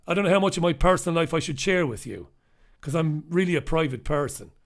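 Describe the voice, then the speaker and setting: Fast and a little high in pitch, this man hosts a live show reviewing newspapers, addressing his audience solo. His commentary is impassioned and emphatic; he drives points home through repetition, talks bluntly, and occasionally swears.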